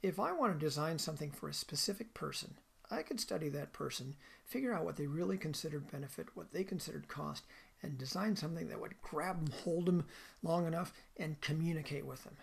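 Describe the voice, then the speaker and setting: A woman's voice: sits low, lively intonation, brisk, creaky, slightly rough. A woman giving a recorded lecture in a conversational way, often asking the listener questions.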